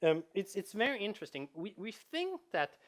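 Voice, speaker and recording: A man, a game designer, giving a conference talk, animated and full of restarts and repeated words. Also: high voice, moderate pace.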